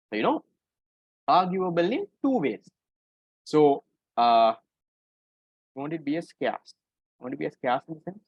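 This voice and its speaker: A man's voice: fairly high pitch, very animated, a little slow, pauses often, no room sound. A man teaching economics in an online exam-paper class. He explains step by step and keeps checking in with "right?". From Sri Lanka. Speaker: economics tutor. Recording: dull lo-fi recording.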